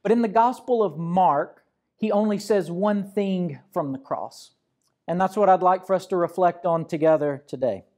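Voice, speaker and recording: A man from Arkansas, a pastor, giving a measured, reflective sermon and patiently explaining scripture. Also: high-pitched, mellow.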